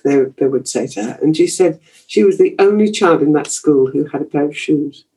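A woman's voice: low-pitched, mellow, breathy edge, poor audio. Older posh-spoken English woman reminiscing. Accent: received pronunciation. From Yorkshire, England. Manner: chatty, self-deprecating, many fillers. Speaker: guest, broadcaster. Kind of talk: reminiscing interview talk.

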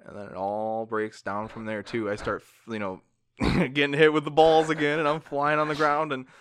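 A man in his twenties on a casual podcast, telling animated stories with plenty of casual swearing. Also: medium pitch, moderate pace, clean tone. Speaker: podcast co-host.

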